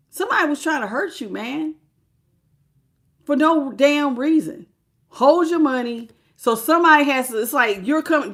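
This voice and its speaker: Woman reading tarot live, pretty high voice, gets emotional. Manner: emotional, expressive, greets live chat. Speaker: tarot reader.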